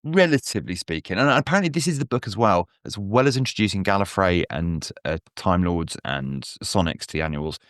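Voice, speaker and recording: A man's voice: sits low, lively intonation, a little fast, hardly any pauses, fairly bright tone, no room sound, studio quality. A man guest on a podcast, chatting casually with rambling, self-mocking asides. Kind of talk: casual chat.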